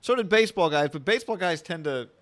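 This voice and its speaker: A man co-hosting a sports podcast in relaxed, casual chat. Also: a little high, fast, dry recording. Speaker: podcast co-host.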